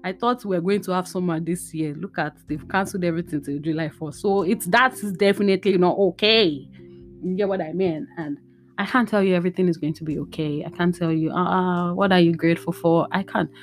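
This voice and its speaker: Woman, young adult, low voice, faint guitar music behind, candid chatty monologue. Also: a little fast. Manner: candid, emotional, chatty with many fillers. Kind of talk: personal monologue to listeners. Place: her bedroom at home.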